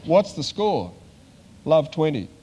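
An older man from New Zealand preaching in a relaxed, conversational way, with dry humor and frequent little hesitations. His voice sits a bit higher than most men's, and it rings out with a long reverb in a big hall. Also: slow, a little hiss or hum. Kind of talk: sermon.

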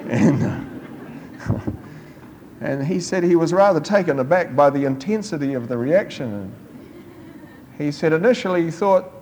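Guy preaching, pretty high voice, tells stories and does the voices. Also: brisk, a little hiss or hum. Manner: animated storytelling, acting out quoted voices with rising pitch. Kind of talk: sermon.

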